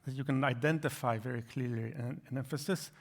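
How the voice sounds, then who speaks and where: A man giving an academic lecture, explaining slides in a halting way with frequent restarts. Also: medium pitch, creaky.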